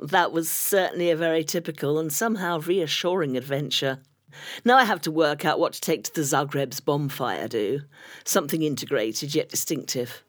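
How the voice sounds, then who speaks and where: Dry wry woman narrating. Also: low-pitched. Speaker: comic monologue narrator. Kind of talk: scripted comic monologue.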